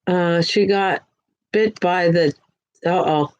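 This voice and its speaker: A woman's voice: fairly low pitch, takes it slowly, dull audio. An older woman hosting a crafting livestream, chatting in a rambling way and talking to viewers in the chat. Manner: sweet greetings to viewers in a lifted voice.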